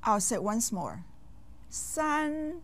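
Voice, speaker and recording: A woman teaching children in a scripted lesson, her voice on the high side. She moves through a lively range and speaks slowly, spelling out each sound with care. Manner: slow, carefully enunciated, with quizzing pauses. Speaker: language teacher. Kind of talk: scripted language lesson for kids.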